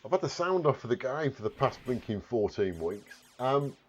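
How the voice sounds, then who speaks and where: A man's voice: mid-range voice, very animated, moderate pace, slight background noise. A man with a Warwickshire accent, chatting casually on a live stream while reading viewer comments, rambling and joking at himself. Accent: Warwickshire English. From Warwickshire, England. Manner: rambling, self-mocking, swears casually.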